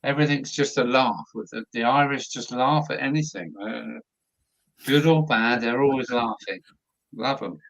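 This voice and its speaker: A man's voice: medium pitch, normal speed, gravelly, a bit bright, highs cut off. A man from Dover with a Kent accent, chatting casually on a live stream while he paints, rambling and chuckling with plenty of fillers. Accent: Kent English. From Dover, Kent, England.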